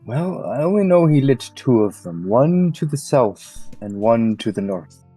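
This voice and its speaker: A man narrating a tabletop game as game master in a calm, measured way. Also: mid-range voice, husky, faint music behind, poor audio.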